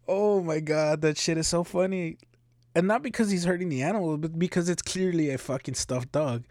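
A lone podcast host talks in a mid-range, slightly mellow male voice at a moderate pace. He rambles casually through solo commentary, swearing heavily and laughing often. The recording is dry and studio quality.

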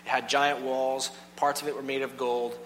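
A man's voice: medium pitch, level tone, normal speed, fairly bright tone. Conversational man preaching in a reverberant church. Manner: conversational, asks the congregation questions. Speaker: pastor. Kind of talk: sermon. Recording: long reverb, faint hum.

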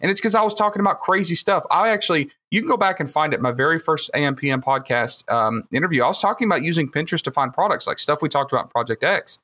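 On a casual podcast, a guest who will later become a host tells rambling, enthusiastic stories full of fillers in a Southern Alabama accent. His voice is fairly high, bright and forceful, and he talks quickly with hardly any pauses.

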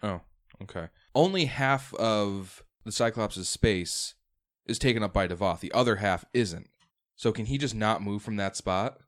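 Game master guy, lowish voice, talks through the rules out loud. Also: unhurried. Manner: explains rules step by step, thinks aloud. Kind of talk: running a tabletop game.

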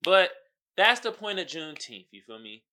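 A man hosting a casual comedic commentary show, speaking, animated with loud outbursts and laughing asides. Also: high voice, moderate pace. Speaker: podcast host.

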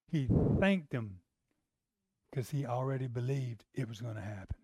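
A man preaching a sermon, emphatic and conversational, swinging from loud to hushed and acting out scenes. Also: medium pitch, animated, takes it slowly, long pauses, no echo, clean studio sound.

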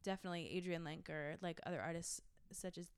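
A woman's voice: lowish voice, fairly even intonation, quick pace, smooth, no echo, clean studio sound. A young woman, a singer-songwriter, chatting in an interview, gushing and emotional with lots of fillers. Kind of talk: casual interview chat.

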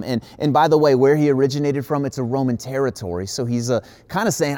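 A man's voice: mid-range voice, brisk, hardly any pauses, dark tone. A man from the Midwest preaching a sermon as a pastor, casual and emphatic, with many asides. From Midwestern United States.

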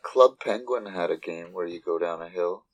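A man's voice: sits low, normal speed, poor audio. A man making joking interjections in a casual podcast chat. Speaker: podcast co-host.

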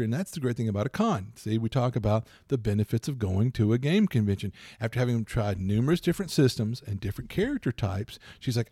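A man with a gravelly, mellow voice rambles happily through tabletop game stories. His co-hosting chat is casual and lively. The sound is close and dry. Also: mid-range voice, fairly quick, no room sound. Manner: rambling, animated storytelling with laughs. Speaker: podcast co-host and game master.

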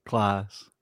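A man's voice: lowish voice, no echo, clean studio sound. A man hosting a casual watch-along, reading out viewer comments and laughing often. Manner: laid-back, laughs often.

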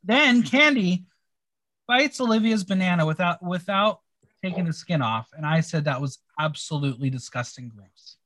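A man co-hosting a podcast, chatting casually and reading out answers with wry, quick reactions. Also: high-pitched, expressive, a bit bright, no room sound. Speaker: podcast co-host. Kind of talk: casual recap chat.

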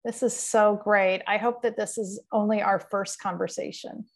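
A woman's voice: medium pitch, steady tone, moderate pace. A woman hosting a podcast, thanking her guest and closing the show. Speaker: podcast host. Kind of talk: casual chat.

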